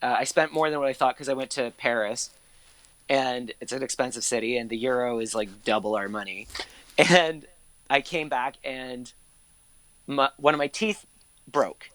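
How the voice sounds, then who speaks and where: A man's voice: medium pitch, steady tone, moderate pace, a bit bright, dry recording. A man in his thirties, a guest on an interview show, telling stories in a chatty, casual way with lots of "like" and easy swearing. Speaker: interview guest, actor and former court reporter. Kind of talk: casual conversational storytelling.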